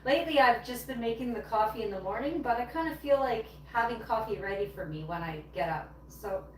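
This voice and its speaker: With a fairly high, animated voice and a fairly quick pace, a woman chats her way through a casual kitchen livestream. She rambles to viewers as she bakes and tidies at home. Expect roomy, distant, noisy audio.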